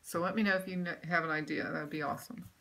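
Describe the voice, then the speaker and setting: Chatty woman with a lowish voice. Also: fairly even intonation, fast talker, gravelly, a bit bright, slight background noise. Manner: chatty, rambling, lots of ums and restarts. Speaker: cross-stitch vlogger. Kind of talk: casual show-and-tell chat. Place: home room.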